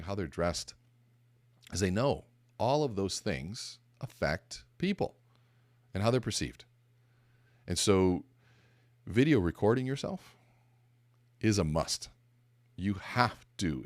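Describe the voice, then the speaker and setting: A man hosting a podcast, giving a motivational talk and telling an animated story with acted-out dialogue. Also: low voice, no echo, studio quality. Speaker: podcast host.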